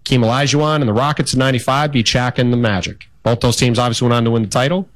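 A man's voice: mid-range voice, fairly even intonation, rapid-fire, dry recording. A man talking basketball in a casual podcast conversation, easygoing and full of fillers. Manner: conversational, talks through stats and history with fillers. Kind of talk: casual sports chat.

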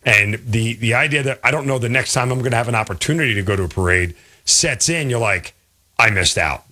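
A man hosting a sports call-in radio show, talking in an animated, conversational way. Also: medium pitch, fast talker. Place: radio studio.

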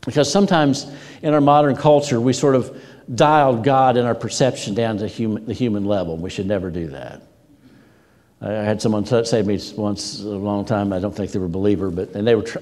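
A man's voice: lowish voice, brisk, darkish tone. A man preaching a sermon as a pastor, telling stories with energy and repeating words for emphasis. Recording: long hall reverb.

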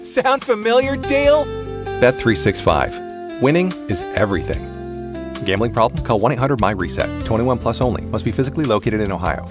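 A man reading a scripted commercial in a wry, deadpan way. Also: medium pitch, a little fast, over music. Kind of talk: scripted ad read.

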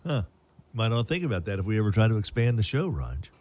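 A man's voice: fairly low pitch, very animated, fast, a little mellow, no room sound. A man hosting a sports radio show in casual, playful banter with jokey asides.

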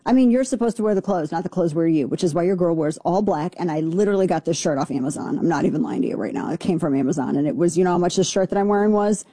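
A woman hosting a talk radio show, giving brash, sarcastic and opinionated commentary in a fast, punchy delivery. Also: on the low side, dark tone, no room sound, studio quality.

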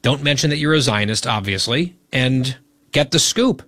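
A man's voice: medium pitch, expressive, fairly bright tone, no room sound. Teasing male radio host, dry studio sound. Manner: teasing, quick and playful. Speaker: radio talk show host. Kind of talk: bantering radio talk.

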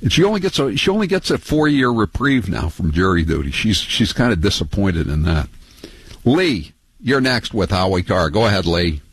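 An older man hosting a talk radio show, rambling and sarcastic, with many halting restarts. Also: low voice, sing-song, breathy edge, no room sound, low-quality recording.

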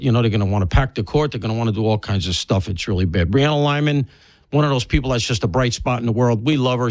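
A man's voice: medium pitch, no room sound. A man hosting a talk radio show as a fill-in, rambling with wry, self-deprecating humor and sounding congested from allergies. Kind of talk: conversational talk radio monologue. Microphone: studio broadcast microphone.

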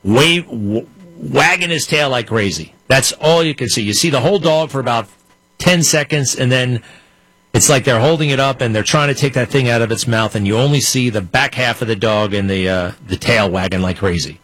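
A man's voice: mid-range voice, normal speed, a bit bright, no room sound. A man giving casual, skeptical commentary as he plays and talks back at clips. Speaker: commentator host.

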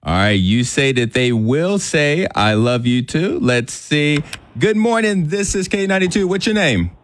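A man's voice: fairly high pitch, animated, moderate pace. A man hosting a morning radio call-in game, upbeat and playful, talking into a studio microphone. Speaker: radio host.

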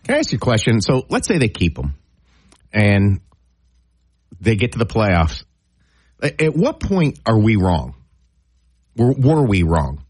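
A male sports radio co-host with a very deep voice that moves up and down a lot as he speaks. He talks casually and directly about the game, asking pointed questions. The recording is close and dry. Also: huge pitch swings, a little slow, long pauses, darkish tone, husky, no room sound.

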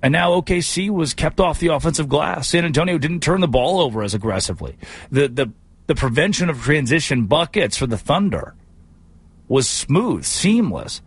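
A man hosting a sports talk show, delivering an animated, jokey monologue and slipping into silly voices. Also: a little high, moderate pace, breathy edge, no echo. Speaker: sports radio host.

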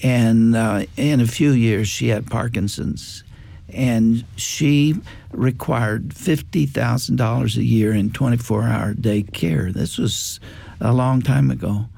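An older man telling a family story in a reflective faith talk, with pauses and fillers. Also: mid-range voice, gravelly, mellow, dry recording. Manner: slow, reflective, with fillers and quoted dialogue. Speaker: guest.

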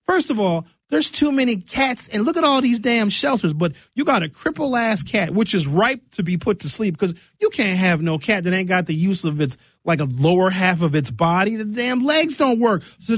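This male radio host rants from his studio, offering strong opinions and ridiculing others through high-pitched comic impressions. He speaks at a moderate pace with lots of animation, and the audio carries no room sound.

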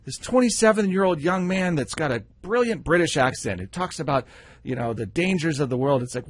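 Husky guy cohosting a radio show, wry and practical, kinda high voice, dry studio sound. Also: lively intonation, a little fast, dry recording. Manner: pragmatic, wry, laughs often, acts out quotes. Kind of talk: casual radio banter.

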